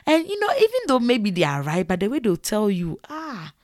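Young Nigerian woman, lively vlog storyteller, acts out dialogue, close dry sound. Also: mid-range voice, brisk, no echo. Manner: animated, acts out quoted dialogue. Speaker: vlogger. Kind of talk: casual storytelling.

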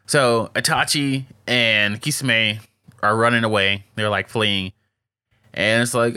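A man's voice: medium pitch, animated, measured pace, sharp tone, clean tone, no echo, clean studio sound. A man co-hosting a casual podcast, recapping anime episodes in slangy, laughing chat full of "like". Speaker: podcast co-host.

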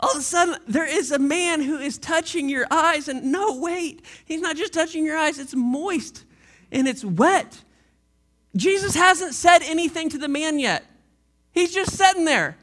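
A pastor preaching a sermon in a casual, animated way, full of slang and playful asides. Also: high voice, measured pace. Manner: animated, conversational storytelling with slang; shifts into a quiet, reflective tone late on.

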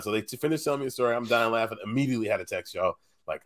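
A man's voice: fairly low pitch, rapid-fire. A man on a casual podcast, telling stories and laughing often. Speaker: podcast co-host. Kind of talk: casual chat.

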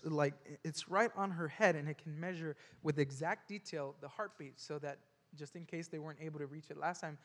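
Halting man in a reverberant hall. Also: a little high. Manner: halting and earnest, with frequent restarts and repeated words. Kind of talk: personal storytelling.

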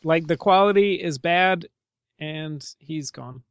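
Podcast guy, kinda high voice, really smooth and clean, laughs a lot, rambly. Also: slow, dry recording, highs cut off. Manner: chatty, laughs easily, many fillers. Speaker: podcast co-host. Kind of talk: casual film discussion.

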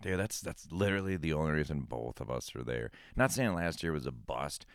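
Very deep-voiced man, smooth and close. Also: expressive, fairly quick, no echo. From Minnesota. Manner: laid-back, swears freely, laughs often. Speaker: hot sauce maker. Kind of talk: casual chat.

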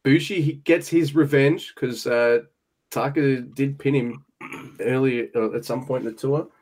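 Male co-host, casual recap, rattles off moves in quick bursts. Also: medium pitch, fairly even intonation, darkish tone. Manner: quick play-by-play bursts, swears when surprised. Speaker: podcast co-host. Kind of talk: casual match recap chat.

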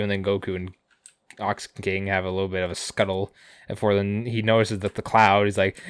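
A man casually recapping cartoon episodes on a podcast, tossing in quick put-on quotes of the characters. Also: on the low side, completely flat delivery, a bit bright, smooth, dry recording, studio quality. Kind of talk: casual chat.

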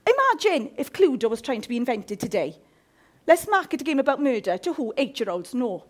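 A woman's voice: high-pitched, very animated, fairly quick. A woman in her fifties preaching a sermon, impassioned and jokey.

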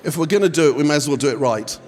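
A man's voice: a little high, lively intonation, rapid-fire, a little mellow, a little hiss or hum. A man giving a humorous guest sermon, telling stories and joking with his listeners. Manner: jokey storytelling, bantering with the audience. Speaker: guest preacher. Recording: long hall reverb.

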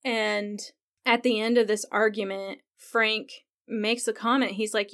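A woman's voice: mid-range voice, flat delivery, a little slow, a bit bright. A chatty woman with a mid-range voice, recapping a TV episode in a casual, conversational way. She leans on "like" often and retells scenes with real feeling. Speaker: podcast host.

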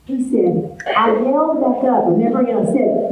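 A woman's voice: on the high side, lively intonation, moderate pace, a little mellow. A middle-aged woman giving her testimony as a retreat speaker, telling her story in an earnest way and acting out her own replies. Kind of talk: testimony sermon. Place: large meeting hall. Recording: echoey hall from far off, phone-like sound.

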